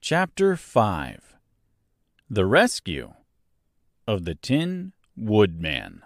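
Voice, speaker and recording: Slow, expressive male storyteller. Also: lowish voice, no echo, studio quality. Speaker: podcast host and narrator. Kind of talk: storybook read-aloud narration.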